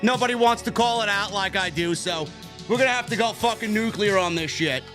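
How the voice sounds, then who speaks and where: A man's voice: sits high, fairly quick, a bit bright, faint music behind. A man from New York hosting a live post-show stream, griping and swearing his way through a casual rant. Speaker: livestream host.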